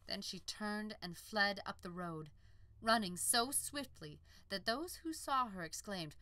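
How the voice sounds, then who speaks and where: A woman narrating an audiobook in a calm, measured storytelling voice. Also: mid-range voice, no room sound. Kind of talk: scripted narration.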